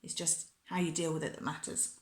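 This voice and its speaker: A woman reading a children's picture book aloud in a warm, expressive storyteller manner. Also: low voice, fairly quick, roomy sound.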